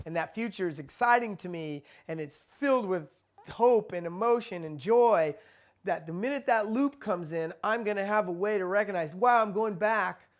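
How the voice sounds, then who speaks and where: A man teaching a spiritual lesson in a conversational, repetitive way. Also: high-pitched. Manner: conversational, repeats himself, acts out quoted people.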